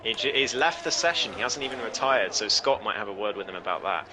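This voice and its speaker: A man commentating a sim race live, easygoing with lots of fillers, climbing in pitch when the action heats up. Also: quick pace, crowd noise. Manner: relaxed, many fillers, rises sharply when action heats up.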